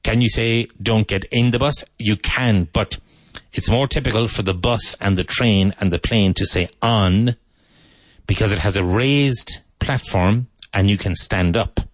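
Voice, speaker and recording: A man with a fairly low voice teaches English on the radio. He says each example sentence twice, slowly and clearly, then explains it in a relaxed way. The sound is dry and close, with no room echo. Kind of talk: radio language lesson.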